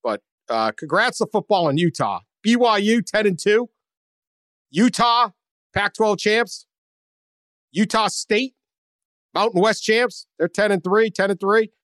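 A man hosting a sports podcast in casual chat, joking and animated, often trailing off quietly. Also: high voice, unhurried, pauses often, no echo, studio quality. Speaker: podcast host.

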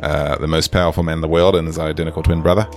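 A man's voice: extremely low pitch, flat delivery, racing. A man doing a breezy Australian TV presenter with an Australian accent and showy patter.

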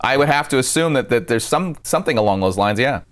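A male co-host on a comedy chat show, halting and hedging as he talks. He likes to drop in puns. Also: medium pitch, lively intonation, fairly bright tone.

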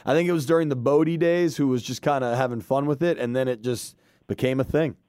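Friendly laughing podcast host, dry sound. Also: male voice, medium pitch, quick pace, dark tone, no echo. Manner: friendly, laughing, says dude a lot. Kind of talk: casual podcast interview.

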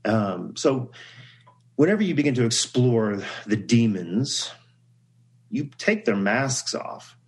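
A man's voice: medium pitch, expressive, takes it slowly, rough recording. A man speaking as a podcast guest in casual conversation, reflective and earnest, often telling stories.

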